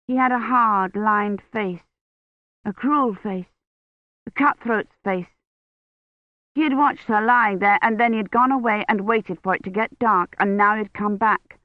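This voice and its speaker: A woman reading a novel aloud at a measured, even pace, mid-pitched and steady. The sound is thin and phone-like. There is no room echo at all. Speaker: audiobook narrator. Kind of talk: scripted narration. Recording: tinny phone-like dry audio.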